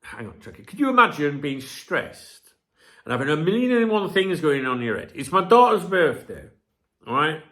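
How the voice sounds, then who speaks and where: Speaking at a normal speed in a slightly high voice, the middle-aged host of a football channel gives his viewers a cheeky, animated rant. It's casual talk packed with swearing.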